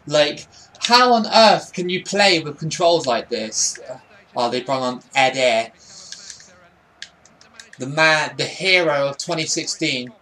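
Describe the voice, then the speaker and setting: A man's voice: a little high, expressive, slow, pauses often, bright, forceful tone, slight background noise. A young man giving casual commentary over a football video game, often frustrated and swearing at it. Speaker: gaming YouTuber.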